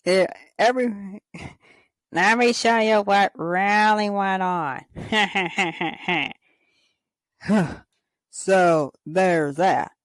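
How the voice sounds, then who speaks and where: A woman's voice: medium pitch, very slow, pauses often, dry recording, poor audio. A woman hosting a casual fan show, rambling and giggling as she retells scenes. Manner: giggly, rambling, frequent laughs. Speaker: host of a toy fan show. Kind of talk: casual chat with skits.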